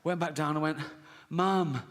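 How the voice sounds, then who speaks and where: A man's voice: medium pitch, normal speed, pushed and bright. A man doing a stand-up comedy routine, brash and profane, ranting with mock outrage. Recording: live venue reverb with audience noise.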